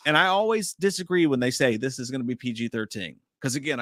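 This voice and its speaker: A man co-hosting a relaxed movie livestream, reading viewer comments and reacting with loose, swear-filled enthusiasm. His voice sits at an ordinary pitch and sounds dry and close to the mic. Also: dry recording. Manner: profane, animated, reading viewer comments aloud. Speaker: podcast co-host. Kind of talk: casual livestream chat.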